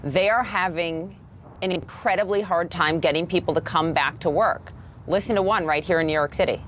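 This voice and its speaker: A woman anchoring a TV news broadcast, introducing a guest and asking crisp, pointed questions. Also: lowish voice, normal speed, a bit bright, a little hiss or hum.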